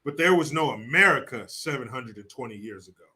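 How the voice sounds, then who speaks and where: A man giving sarcastic political commentary in an animated, mocking way. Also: medium pitch, fairly quick. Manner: sarcastic, animated, laughs often.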